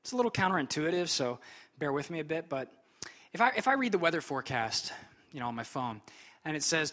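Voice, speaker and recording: A man's voice: a little high, very animated, quick pace, fairly bright tone. A young man preaching a sermon as pastor, conversational and chatty, with frequent casual asides.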